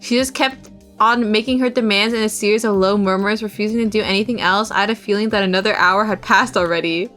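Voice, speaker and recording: With a mid-range, slightly bright voice, quick pace and fairly even intonation, this young woman streamer casually reads a visual novel. She laughs and swears at the script, performing its tense parts dramatically while faint game music plays.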